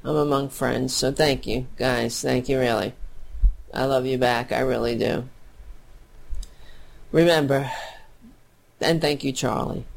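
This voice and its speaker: With an extremely low pitch and heavy vocal fry, a woman hosting a political livestream offers blunt, heated commentary in a casual style, turning emotional as she thanks viewers.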